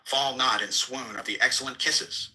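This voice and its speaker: Male reader, mid-range pitch, sharp bright tone; solemn declamatory scripture reading, deliberate pacing with quick surges. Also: fairly even intonation, low-quality recording. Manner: solemn, declamatory, slow and measured with sudden bursts. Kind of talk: dramatic reading of an archaic scripture.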